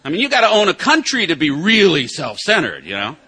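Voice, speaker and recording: With a husky, sharp voice on the high side, a middle-aged sponsor shares his drinking story with a recovery group. His pitch swings hugely, and he talks a little fast. The personal talk is full of wry, self-mocking punchlines.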